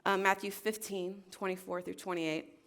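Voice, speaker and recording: A woman preaches a relaxed, conversational sermon to her congregation. She is chatty and self-deprecating and tosses questions out to the room as she goes. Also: medium pitch, normal speed. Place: church service.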